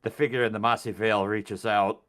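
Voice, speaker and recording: A man narrating a tabletop game as dungeon master, describing scenes in an expressive way. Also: on the low side, moderate pace.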